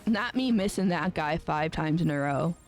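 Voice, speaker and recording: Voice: mid-range voice, expressive, moderate pace, faint music behind. A streamer giving casual let's-play commentary, thinking aloud and muttering with some offhand swearing.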